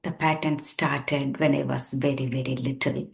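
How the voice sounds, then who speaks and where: A counsellor and therapist in her sixties shares a personal story to camera in a reflective, earnest and emphatic way, repeating words for weight. Her voice is rumbling low and creaky, with little pitch movement and normal speed.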